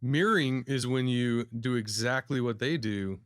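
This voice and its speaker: A man co-hosting a casual podcast chat about sales, telling lively stories and laughing often. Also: mid-range voice, moderate pace, smooth, dry recording, studio quality. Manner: lively storyteller, laughs often, acts out customers. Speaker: sales coach, podcast co-host.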